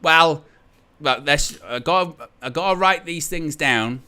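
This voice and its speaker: Bright-voiced guy hosting live stream. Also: on the high side, measured pace. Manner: chatty, rambling, jokey and sarcastic, often laughing. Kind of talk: casual live match-day stream chat.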